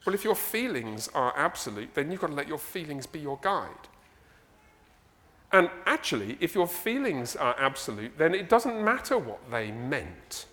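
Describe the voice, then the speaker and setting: A man with an English accent preaching a sermon as pastor, animated and conversational, full of rhetorical questions. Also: fairly high pitch, normal speed, in a large hall. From England. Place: church sanctuary.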